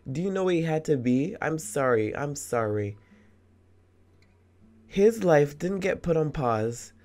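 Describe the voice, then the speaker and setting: Slow-talking, indignant young man gamer. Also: a little high, expressive, a little mellow. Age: 20s. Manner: emphatic and indignant, repeating words for effect. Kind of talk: let's play commentary.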